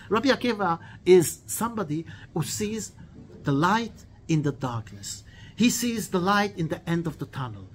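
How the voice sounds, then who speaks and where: A man teaching a weekly religious lesson, telling stories in an animated way with quoted dialogue, earnest, and repeating key phrases. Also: high-pitched, moderate pace. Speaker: Torah teacher.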